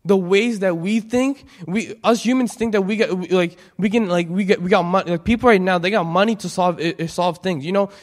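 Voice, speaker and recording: Earnest young man, halting testimony. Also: sits high. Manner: earnest, halting, full of restarts. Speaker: church speaker giving testimony. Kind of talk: personal testimony. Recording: long hall reverb.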